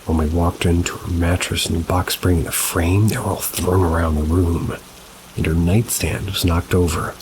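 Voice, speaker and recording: A man calmly narrating reader-submitted paranormal stories, adding brief asides of his own. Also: deep voice, moderate pace, noisy background. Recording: rain sounds mixed behind the voice. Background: steady rain ambience.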